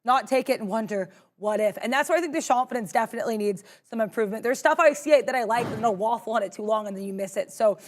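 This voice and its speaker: A woman's voice: a little high, quick pace, hardly any pauses, slight background noise. A woman co-hosting a live trading show, chatty and self-deprecating as she talks through her trades.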